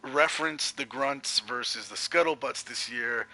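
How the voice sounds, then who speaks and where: Man, game commentator, very bright tone, medium pitch, playful, joking. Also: a little slow, low-quality recording.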